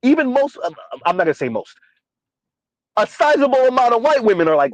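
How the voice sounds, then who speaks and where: Exasperated high-voiced man ranting. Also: very animated, fairly quick, a little mellow, no echo, lo-fi sound. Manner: sardonic, exasperated, repetitive emphasis. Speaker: commentary vlogger. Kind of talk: ranting commentary.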